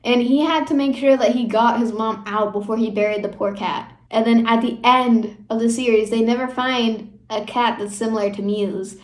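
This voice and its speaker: A woman's voice: a little high, fairly even intonation, normal speed, few pauses. Young woman rambling in an echoey room. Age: young adult. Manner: rambling and emotional, with frequent fillers and laughs. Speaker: YouTuber. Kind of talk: casual fan commentary.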